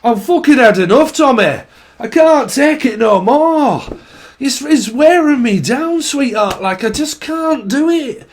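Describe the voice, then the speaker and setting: A man's voice: extremely high pitch, expressive, unhurried, pitched above the performer's own voice. A man voicing a grumpy elderly northern English husband who rants and swears. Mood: exasperated. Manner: swearing, exasperated ranting. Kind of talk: comic improvised voice.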